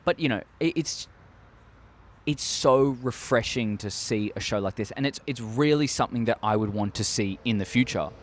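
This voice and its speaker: Aussie guy ranting on his vlog, swears a ton, gets all fired up, mid-pitched voice. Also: normal speed. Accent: Australian. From Australia. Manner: rambling, heavy swearing, excitable. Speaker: show host. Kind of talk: casual opinion vlog. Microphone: desk microphone.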